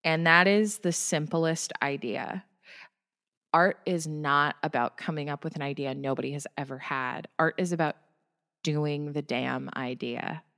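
A woman's voice: sits low, fairly even intonation, a little slow, fairly bright tone, long reverb tail. A woman telling a story in a chatty, emphatic way, saying "like" a lot. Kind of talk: casual conversation.

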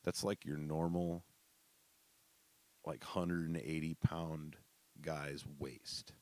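Deep-voiced man telling loose stories. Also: little pitch movement, takes it slowly, darkish tone. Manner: loose, profane, laughs through his stories. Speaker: storyteller. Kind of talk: casual storytelling.

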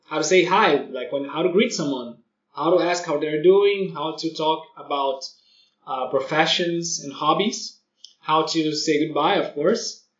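A man co-hosting a podcast in a relaxed, slangy casual chat, full of "like". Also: fairly high pitch. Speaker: podcast co-host. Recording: roomy, distant, dull audio.

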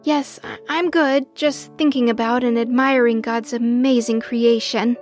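A woman's voice: a little high, a little slow, faint music behind, close to an everyday voice. A woman voicing a cheerful, encouraging astronaut mother in a children's audio story. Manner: bright, encouraging and expressive.

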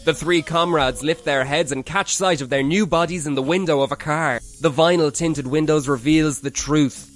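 A man reading a scripted spooky story in a measured storybook delivery. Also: fairly high pitch, steady tone. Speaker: narrator.

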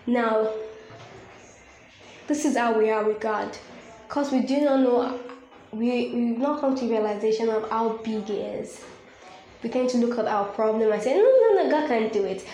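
Higher-voiced woman hosting a devotional podcast. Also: steady tone, unhurried, pauses often, warm tone. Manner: earnest, repetitive, preacherly. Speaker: podcast host. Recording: echoey room with faint ambient noise.

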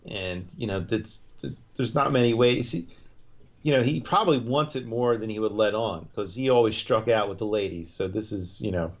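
A man with a fairly low voice talks through a TV episode in a loose, rambling way. He stops and restarts often and leans on filler words. The recording sounds dull and lo-fi. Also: normal speed. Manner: rambling, loose retelling full of "you know" and restarts. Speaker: podcast co-host recapping a TV episode. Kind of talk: casual chat.

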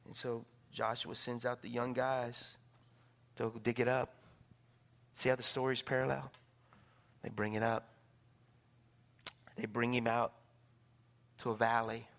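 A middle-aged male pastor preaching a sermon, telling stories in an animated way and acting out the voices. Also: medium pitch, a little slow, creaky, long pauses. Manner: animated storytelling, acts out voices.

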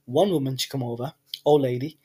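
A man's voice: medium pitch, brisk, dark tone, husky. A man co-hosting a podcast, smugly lecturing and teasing in casual banter. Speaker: podcast co-host.

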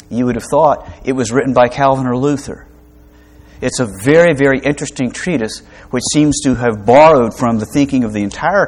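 Here a male preacher with a mid-range, somewhat mellow voice gives a sermon. His teaching feels like conversation, with side remarks, gentle jokes and rhetorical questions, and he leans on fillers and restarts a lot.

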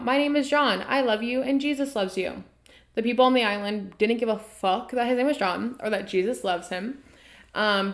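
A woman podcast host from the United States, telling a story in a casual, irreverent way with offhand swearing. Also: mid-range voice.

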